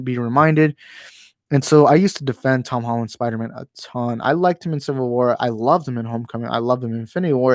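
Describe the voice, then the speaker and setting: A man's voice: mid-range voice, no room sound. A man hosting a casual live-stream chat at home into a handheld microphone. He rambles, stumbles over words, restarts often and keeps apologizing for his opinions. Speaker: channel host. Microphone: handheld microphone moved closer while talking.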